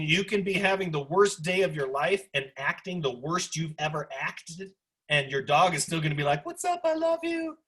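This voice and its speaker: A man in his forties leads an online sociology class discussion over a video call. His voice is bright and a bit husky, somewhat high for a man. He talks in a chatty, animated way, full of asides. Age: 40s. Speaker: sociology instructor.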